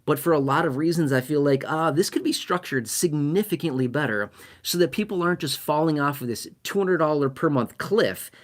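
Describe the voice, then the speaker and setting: A man giving casual talking-head commentary on benefits policy, thinking out loud with many fillers and frequent rhetorical "right?" checks. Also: on the high side, expressive, fairly quick.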